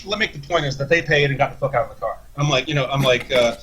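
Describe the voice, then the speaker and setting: A man's voice: mid-range voice, rapid-fire, hardly any pauses, a crowd in the background, rough recording. A man, a podcast guest, telling a long, profane story in a rambling, casual way, with many restarts.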